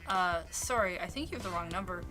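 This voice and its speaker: A woman's voice: lowish voice, a little fast, natural voice. Game read: woman voicing flustered young man, apologetic, over background music. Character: wary young man caught off guard.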